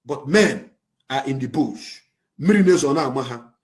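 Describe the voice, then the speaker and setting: A man with a Nigerian accent delivers a fiery, impassioned rant to the camera, swinging between shouting and low, intense passages. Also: lively intonation, normal speed. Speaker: activist speaking to camera.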